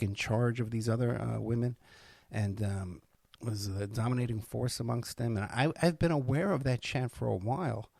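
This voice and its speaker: A middle-aged man from New hosts his podcast in a loose, rambling monologue, stopping and restarting his sentences. His voice is gravelly and sounds tired. The recording is close and dry. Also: medium pitch, darkish tone, no room sound. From New York. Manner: rambling, with many fillers and restarts. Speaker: podcast host. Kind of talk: casual monologue.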